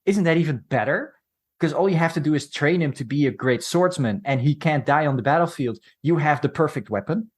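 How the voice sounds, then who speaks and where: A man's voice: a little high, lively intonation, a little fast. A man co-hosting a film podcast, chatting casually and telling rambling stories with wry, jokey asides. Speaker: podcast co-host.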